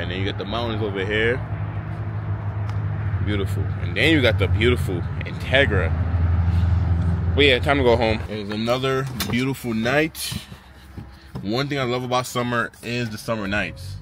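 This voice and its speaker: A relaxed man with a lowish voice talks in easy, slangy vlog chat from behind the wheel. The window is down, so wind and road noise run clearly under his clip-on mic. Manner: laid-back, slangy talk. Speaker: car salesman and vlogger. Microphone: clip-on microphone.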